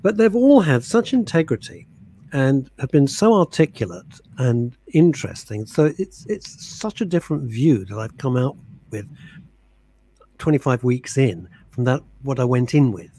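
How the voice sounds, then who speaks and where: A man's voice: medium pitch, lively intonation, moderate pace, warm tone, breathy edge. A man co-hosting a podcast, speaking in a wry, self-deprecating way. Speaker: podcast co-host. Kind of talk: casual podcast chat.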